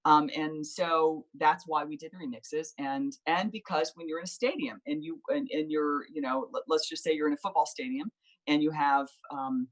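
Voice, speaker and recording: A woman's voice: low voice, fairly even intonation, normal speed, low-quality recording. A woman singer-songwriter, a guest in a casual video interview, giving earnest, encouraging advice.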